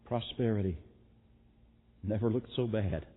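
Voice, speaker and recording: A man's voice: lowish voice, a little slow, husky. A man preaching a sermon as pastor, earnest and emphatic, repeating key phrases. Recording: echoey hall, phone-like sound.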